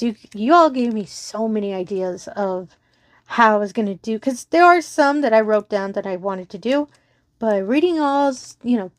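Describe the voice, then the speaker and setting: A woman with a slightly high voice chats casually to her channel's viewers from home. She talks in a bubbly, rambling way, giggling and apologizing often. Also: no echo. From Texas. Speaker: crafting channel host.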